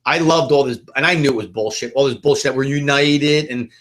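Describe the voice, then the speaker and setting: A man's voice: mid-range voice, fairly quick, a bit bright. A man co-hosting a political podcast, ranting bluntly and swearing often in casual talk. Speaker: podcast co-host.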